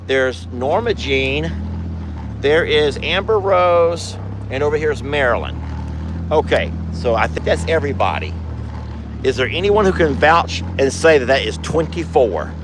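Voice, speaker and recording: A man with a slightly high, very lively voice, cooing baby talk at his animals while driving around his ranch in a side-by-side. Outdoors with a faint hum of noise behind him. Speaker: ranch owner. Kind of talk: casual vlog narration.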